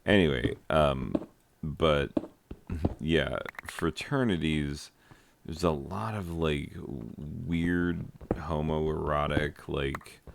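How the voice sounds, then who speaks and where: An American gaming channel host with a very low, gravelly voice talks slowly while playing a video game. His commentary meanders from one joking aside to the next, full of fillers, over steady background noise and clicks.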